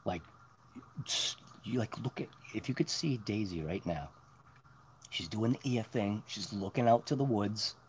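A man's voice: lowish voice, unhurried, a little hiss or hum. A man hosting a late-night live stream, chatting casually and talking to his dogs outdoors at night. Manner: chatty, lively, talks to his dogs and chat between topics.

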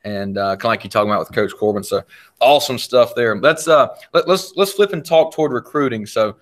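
A man's voice: medium pitch, a little fast. Encouraging male podcast host. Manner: encouraging, recaps before asking. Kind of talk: casual interview chat.

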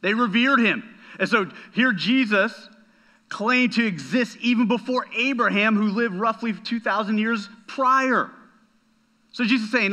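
A man's voice: sits high, unhurried, pushed and bright. A man preaching a sermon as a pastor, emphatic, often checking in with "right?" and repeating words as he goes.

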